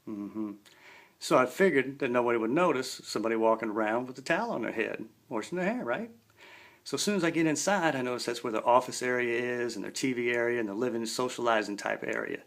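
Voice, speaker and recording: A man's voice: mid-range voice, creaky, a bit bright. A man in his forties telling a story in a laid-back, slangy way. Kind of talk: casual spoken storytelling.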